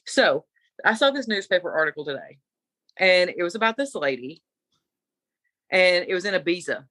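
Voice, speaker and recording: A middle-aged woman co-hosting a podcast, telling a story in an animated, opinionated casual chat. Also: fairly low pitch, normal speed, no echo. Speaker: podcast co-host.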